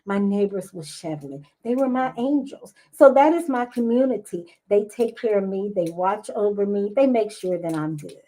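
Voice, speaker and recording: A middle-aged woman talks as a podcast guest, telling her stories in an animated, expressive way. Her talk is casual and warm-hearted in tone, with rising bursts of excitement. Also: medium pitch, normal speed, hardly any pauses. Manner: lively storytelling, expressive. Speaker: guest, business owner. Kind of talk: casual interview chat.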